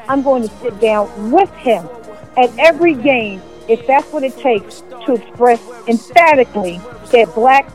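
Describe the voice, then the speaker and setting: A woman's voice: a little high, animated, normal speed, darkish tone, faint music behind, low-quality recording. A woman delivering an angry opinion rant, profane and emphatic, firing repeated questions at the listener. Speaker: commentator.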